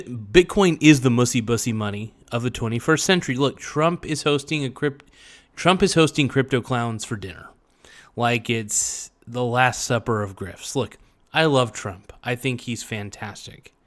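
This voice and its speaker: A man talking into a desk mic on a casual livestream, in a mid-pitched voice. He jokes and rambles, drags some words out slowly, then breaks into loud bursts. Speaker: livestream host.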